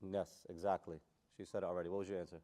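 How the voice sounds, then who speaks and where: Philly guy teaching quran class, talks quick, fires questions at students, real animated. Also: deep voice. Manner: animated, quizzing the class, casual street phrasing. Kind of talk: classroom lesson on Quran tafsir.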